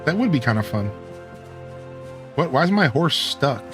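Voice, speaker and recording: A man's voice: a little high, big pitch swings, normal speed, fairly bright tone, soft background music. Upbeat male game streamer. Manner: reads game dialogue aloud, sometimes in a put-on Scottish voice. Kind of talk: casual gameplay commentary.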